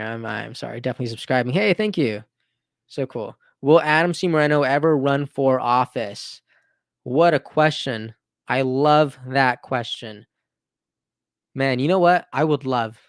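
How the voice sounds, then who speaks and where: A man in his thirties speaks in a casual live-stream chat, earnest and eager. His voice sits at an ordinary middle pitch and is recorded close and dry, with no room sound. He often restarts phrases and tacks "right?" onto his points. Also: clear, resonant tone, dry recording. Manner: earnest and enthusiastic, with frequent restarts and "right?" tags. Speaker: livestream host.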